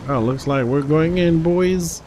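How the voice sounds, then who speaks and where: A man live-streaming an online game, commenting as he plays, jumping from quiet muttering to excited outbursts. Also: on the high side, measured pace, slight background noise. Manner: excitable, reacts loudly to the game, then mutters to himself.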